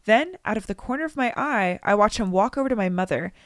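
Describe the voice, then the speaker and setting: Animated and quick, this medium-pitched young woman co-hosts a podcast, reading a listener's story in a chatty way. She keeps stopping to crack jokes and comment, belting out the quoted lines, all in studio-quality audio with no room sound.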